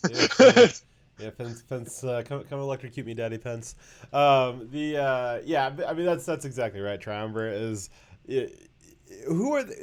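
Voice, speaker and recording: A man hosting a casual commentary show, circling his points with lots of fillers. His voice sits in an ordinary middle pitch. He leans on sarcasm as he talks. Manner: rambling, heavy on fillers. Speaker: show host.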